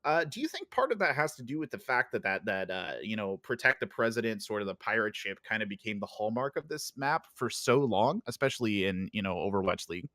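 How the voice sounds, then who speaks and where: A man casting an esports match play-by-play, rising to excitement in fights and chatting easily between maps on a headset mic. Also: on the low side, fairly quick, hardly any pauses, no echo, clean studio sound. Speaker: play-by-play caster. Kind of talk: esports commentary.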